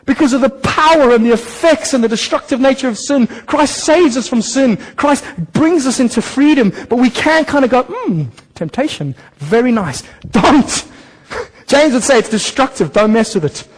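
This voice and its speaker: A male pastor delivering a sermon in a high, lively voice. He preaches animated and direct, slipping into short acted-out voices to make his points. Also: normal speed, in a large hall, poor audio. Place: church hall.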